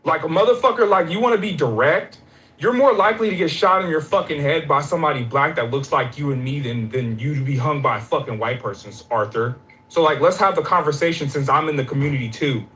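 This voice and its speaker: A man cutting into a heated debate with blunt, profane questions. His voice is fairly high and bright, with a forceful edge. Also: fast talker, low-quality recording. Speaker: debate panelist.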